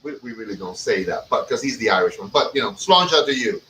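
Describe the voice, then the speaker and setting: Guy cracking crude jokes, loud, sounds far off from the mic, bright tone. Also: on the low side, expressive, quick pace. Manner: loud, joking, swears a lot, jumps into shouts. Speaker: podcast co-host. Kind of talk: casual profane banter. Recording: distant mic with faint background noise.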